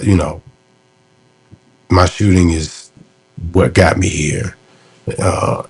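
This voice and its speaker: Low husky-voiced man explaining casually. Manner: relaxed, explanatory, many fillers. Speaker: host looking back on an old interview. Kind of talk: casual commentary.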